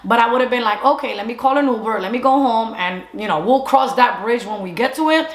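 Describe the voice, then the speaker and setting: A young adult woman telling a casual storytime monologue, animated and chatty, slipping between English and Spanish. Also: fairly high pitch, fairly quick. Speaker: storyteller vlogger. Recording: echoey room.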